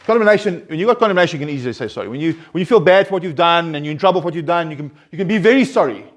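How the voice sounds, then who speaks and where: A man's voice: on the high side, expressive, racing. A man counseling a recovery group, talking earnestly and conversationally, often restarting and pressing his points with rising emphasis. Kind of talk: informal group talk.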